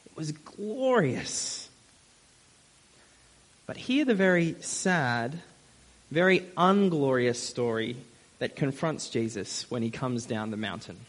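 A man's voice: mid-range voice, lively intonation, a little slow. A young man preaching a sermon in a friendly, conversational way, with frequent fillers.

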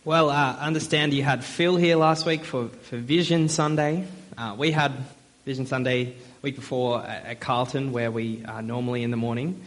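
A man's voice: medium pitch, fairly even intonation, normal speed. A young man preaching a sermon in a friendly, conversational way, with frequent fillers.

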